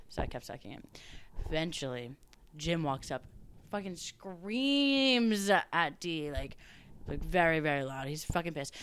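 A woman's voice: sits low, lively intonation, moderate pace, smooth, no room sound. A woman in a casual talk chat, telling a story loosely with lots of "like" and acting out what others said. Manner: chatty, peppered with "like", acts out others' lines. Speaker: podcast guest recounting a story.

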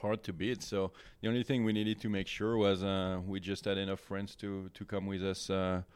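A man's voice: sits low, little pitch movement, moderate pace, clear, resonant tone, dry recording. A man telling a story in casual chat, rambling with many fillers and restarts. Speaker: guest.

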